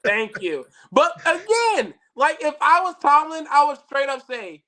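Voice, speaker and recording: Sports podcast cohost, bright voice, swings all over, lots of "you gonna ignore that?" energy. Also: sits high, very animated, a little slow, few pauses. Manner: emphatic, rhetorical questions, swings loud and soft. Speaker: podcast co-host. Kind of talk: casual sports chat.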